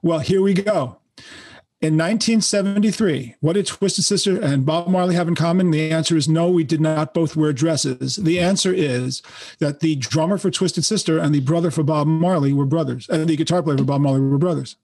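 A man's voice: on the high side, moderate pace, a little mellow, no echo. A man in his sixties with a New York accent, a guest musician telling brash, profane stories in a casual interview. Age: 60s.

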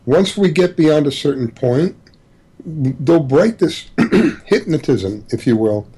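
A man speaking as a guest on a talk radio show, explaining his views calmly and earnestly. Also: on the high side, slow, slightly rough, low-quality recording. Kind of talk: casual talk radio chat.

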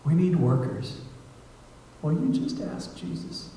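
A man preaching as a guest missionary in a church sermon, conversational, acting out prayers and dialogue, moving from hushed asides to loud appeals. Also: fairly high pitch, expressive, measured pace, slight background noise. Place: church sanctuary. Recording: echoey church hall, mic at a distance.

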